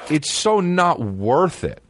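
A man's voice: on the high side, very animated, slow pace, fairly bright tone, a little hiss or hum. A young man reacting to videos in rambling, profane casual commentary, full of stammered restarts.

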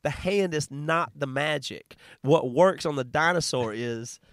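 A man's voice: a little high, a little slow, a bit bright, no room sound. A man co-hosting a casual podcast, teasing the others with mock-earnest jokes. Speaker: podcast co-host. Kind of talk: casual chat.

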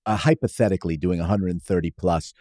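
A man as an interview guest, eagerly explaining in quick lists and acting out stories from his shop. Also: deep voice, mellow, dry recording, clean studio sound. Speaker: guest, company founder. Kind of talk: interview conversation.

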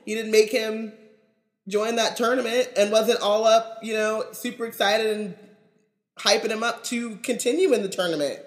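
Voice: medium pitch, steady tone, normal speed. A podcast co-host in casual chat, slangy, joking and emphatic. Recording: roomy echo.

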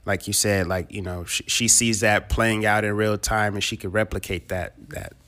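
A man's voice: on the low side, level tone, moderate pace, fairly bright tone. A man in a casual podcast chat, telling a family story in a rambling, hesitant way full of fillers.

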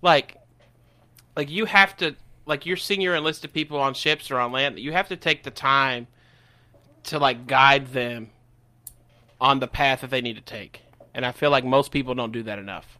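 A man's voice: mid-range voice, normal speed, bright, forceful tone. A man, a former enlisted sailor on a podcast, talking in a frank, profane and opinionated way. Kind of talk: casual chat.

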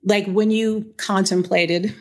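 A woman hosting a podcast interview, playful and quick with jokes. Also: mid-range voice, steady tone. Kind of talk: casual interview.

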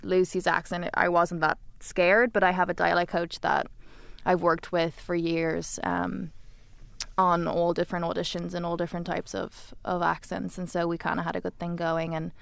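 Young irish actress chatting away, low-ish voice with some fry, dry close sound. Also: female voice, no room sound. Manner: chatty, laughs easily. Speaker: actor guest. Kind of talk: casual interview chat.

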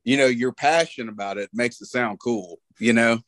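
A man's voice: medium pitch, moderate pace, fairly bright tone, dry recording. A middle-aged man talking casually about a late friend, rambling with lots of fillers. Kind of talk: casual conversation.

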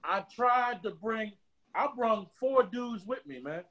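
A man telling stories as a podcast guest, animated and repetitive, with street slang and swearing. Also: sits high, slow. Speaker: guest, trucking business owner. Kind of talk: casual storytelling.

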